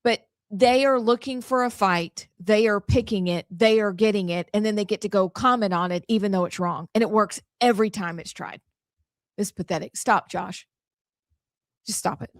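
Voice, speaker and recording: A woman's voice: mid-range voice, normal speed, no room sound, studio quality. A woman co-hosting a talk radio show, blunt and opinionated in casual chat, from the American South. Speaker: co-host.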